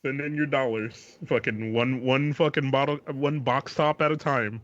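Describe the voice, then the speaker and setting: A man's voice: mid-range voice, fairly even intonation, normal speed, fairly bright tone, highs cut off. A man co-hosting a casual podcast, rambling, swearing freely and restarting his sentences. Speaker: podcast co-host.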